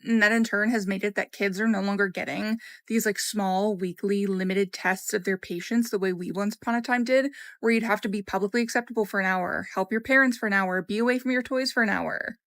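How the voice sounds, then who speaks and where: A woman's voice: medium pitch, fairly even intonation, a little fast, few pauses, a bit bright, no echo, clean studio sound. A woman giving a wry, opinionated commentary in a casual tone.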